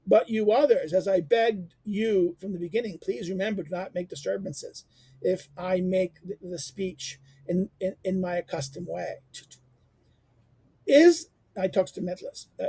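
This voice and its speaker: A man lecturing on a classic text, reading passages aloud and explaining them, halting with fillers and restarts and turning animated when he quotes. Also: slightly rough, no echo. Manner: jumps into animated pitch when quoting.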